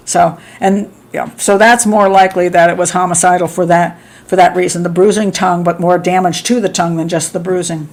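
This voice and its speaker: Hosting a live stream, a middle-aged woman chats and reads out viewer comments, laughing often and acting out quotes with sharp jumps in pitch. Her tone is steady, and she speaks fairly quickly with hardly any pauses.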